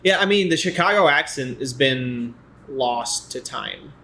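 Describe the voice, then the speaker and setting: A man's voice: mid-range voice, animated, unhurried, bright, forceful tone. A man in his twenties co-hosting a podcast, chatting loosely and swearing casually. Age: 20s. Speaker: podcast co-host. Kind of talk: casual chat.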